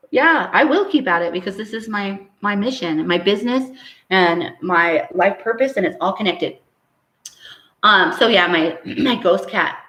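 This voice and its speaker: A woman who works as a medium, hosting a live stream, reading out viewer comments and preaching in an animated way that keeps ending on "right?". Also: lowish voice, echoey room, low-quality recording.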